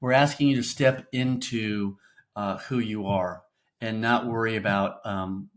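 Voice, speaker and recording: A man's voice: lowish voice, steady tone, a little slow. Rambling middle-aged male podcast co-host. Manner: rambling, frequent fillers and restarts, encouraging. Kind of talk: casual faith-based parenting chat.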